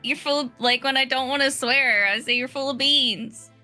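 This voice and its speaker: A woman co-hosting a game stream, joking in halting, laughing banter. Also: sits high, steady tone, pushed and bright. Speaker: stream co-host. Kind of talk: casual chat on a game stream. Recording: music playing behind.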